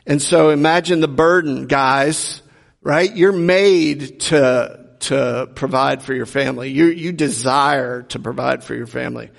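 Male pastor, gravelly voice with some fry, earnest storytelling sermon, ringing hall reverb. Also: medium pitch, unhurried. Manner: earnest, storytelling with rhetorical questions. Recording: long reverb of a large hall.

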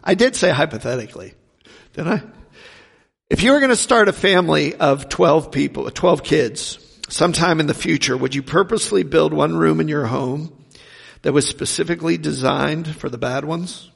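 A man preaching a sermon, asking rhetorical questions and swinging between loud and hushed delivery. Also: on the high side, normal speed, creaky, breathy edge, big-room sound.

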